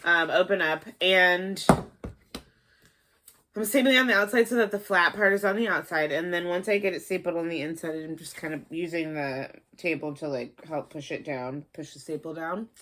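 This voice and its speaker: A young woman from the Midwest hosting a casual craft tutorial, a little high, rambling and playful with lots of fillers. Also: moderate pace, bright, forceful tone. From American Midwest. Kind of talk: casual how-to demonstration.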